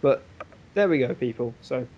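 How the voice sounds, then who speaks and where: A man hosting a casual group podcast, rambling and joking between quick asides. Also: mid-range voice, animated, highs cut off. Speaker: podcast host.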